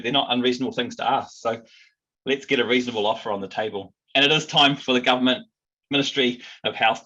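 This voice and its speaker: NZ man, union president, earnest rallying speech, bright husky tone, lo-fi audio. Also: medium pitch. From New Zealand. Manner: earnest, rallying, many ums. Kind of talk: recorded speech to union members.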